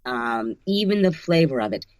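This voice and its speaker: A woman's voice: extremely low pitch, sing-song, moderate pace, no room sound. A woman who narrates audiobooks, talking casually in an interview, thoughtful and often restarting her phrases.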